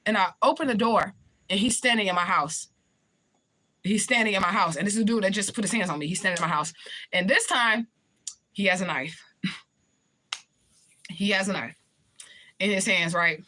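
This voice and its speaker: A woman's voice: medium pitch, moderate pace, long pauses, sharp tone. A woman telling a personal story in casual talk, swearing freely, repeating points for emphasis and checking in with the listener. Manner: conversational, keeps checking in with the listener. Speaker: spiritual reader.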